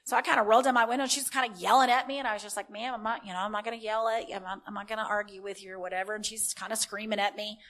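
A woman's voice: mid-range voice, fairly even intonation, very fast, few pauses, a bit bright. A woman preaching a sermon, telling stories in a conversational way and breaking into fervent declarative prayer.

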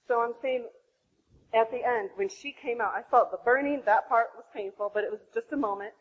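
A woman in her thirties sharing her own birth story to other women, animated, acting out her past self. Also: brisk, husky, rough recording. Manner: animated, acts out her own past voice with big pitch jumps. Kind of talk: impassioned personal testimony.

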